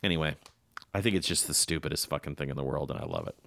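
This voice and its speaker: Dude rambling excitedly on a podcast, big swoopy pitch, dry close sound. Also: male voice, fast talker, creaky, no echo. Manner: rambling, excited, lots of restarts and fillers. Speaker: podcast co-host. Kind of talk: casual chat.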